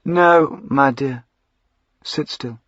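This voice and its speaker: A man voicing a sinister, predatory aristocratic duke who speaks in a soft, purring, imperturbable way, dropping at times to a whisper. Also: mid-range voice, extremely slow, no echo, voice pushed up. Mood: menacing. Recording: dull lo-fi recording.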